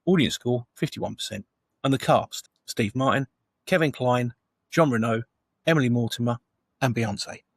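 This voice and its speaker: A man's voice: medium pitch, normal speed, gravelly, slightly rough, dry recording. A man co-hosting a casual film review podcast, steadily reading out film facts and questions. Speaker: podcast co-host.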